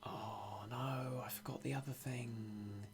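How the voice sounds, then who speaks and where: A young British man streaming a game, talking in a hushed, half-whispered way with dry self-mocking humour. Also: mid-range voice, fairly even intonation, takes it slowly, a little hiss or hum. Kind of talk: quiet live-stream game commentary.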